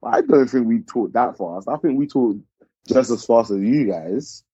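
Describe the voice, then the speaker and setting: A man's voice: medium pitch, animated, moderate pace, dark tone, husky, no room sound, highs cut off. A man with a South London accent, chatting easily as a podcast guest, hedging as he talks. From South London, England. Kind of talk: casual chat.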